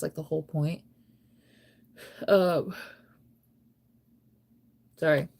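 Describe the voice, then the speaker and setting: A young woman chatting casually on a late-night livestream, sleepy and yawning, rambling with lots of "like". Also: lowish voice. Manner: relaxed, rambling, heavy use of "like".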